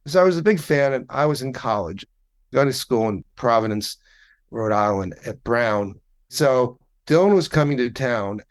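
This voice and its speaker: A man's voice: mid-range voice, lively intonation, moderate pace. A man in his sixties, a podcast guest, telling a story in a wry, conversational way and swearing now and then. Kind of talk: casual anecdotal storytelling.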